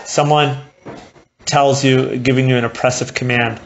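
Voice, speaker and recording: A woman's voice: a bass voice, steady tone, moderate pace, muffled recording, slight background noise. A woman preaching a sermon at a church gathering, talking in a conversational way and acting out the voices she quotes.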